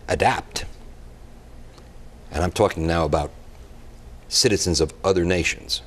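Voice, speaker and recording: A man's voice: sits low, a little hiss or hum. A man speaking as a guest expert on a TV talk show, giving blunt, emphatic and impassioned answers.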